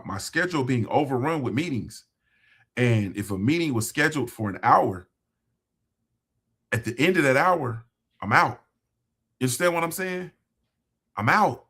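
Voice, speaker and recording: A man's voice: mid-range voice, a bit bright, breathy edge. A man hosting a motivational talk for his viewers, speaking in a conversational, emphatic way, repeating phrases for emphasis. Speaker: host.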